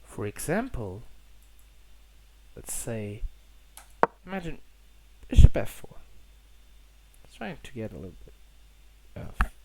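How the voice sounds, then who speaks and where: A young man from Portugal casually talking through his own chess game, rambling, self-correcting and slangy, on a cheap mic. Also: mid-range voice. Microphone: poor-quality microphone. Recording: cheap mic with loud noise.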